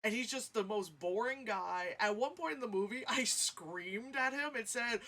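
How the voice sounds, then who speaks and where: A woman ranting about a movie in a casual review, sarcastic and animated, swearing often. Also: a little high, moderate pace.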